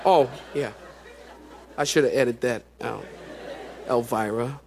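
A middle-aged man, a pastor, preaching a sermon in an animated storytelling manner that swings between loud excitement and hushed tones. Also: mid-range voice, measured pace, gravelly, a faint crowd, a little hiss or hum.

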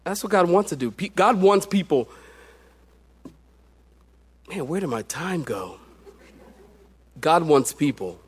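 A middle-aged man, a pastor, preaching a sermon in an animated storytelling manner that swings between loud excitement and hushed tones. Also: medium pitch, measured pace, long pauses, husky.

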